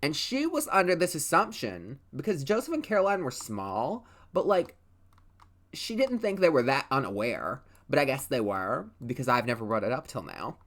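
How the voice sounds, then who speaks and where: Woman, low voice, lively swings in pitch, casual gameplay commentary, rambling and profane. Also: moderate pace. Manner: chatty, profane, rambling storytelling with many fillers. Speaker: let's play host.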